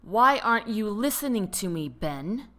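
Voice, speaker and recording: A woman narrator puts on a blustering, furious man in an audiobook who yells his demands. The voice is bright and swings widely in pitch. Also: sing-song, a little slow. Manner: shouting, furious. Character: angry blustering father, threatening man.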